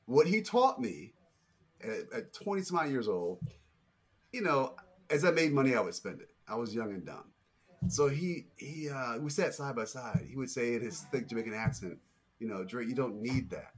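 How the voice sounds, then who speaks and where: A middle-aged man hosting a podcast, telling stories in a casual, animated way. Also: slightly rough. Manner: animated storyteller, jumps up in pitch for quotes. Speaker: podcast host. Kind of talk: casual conversation.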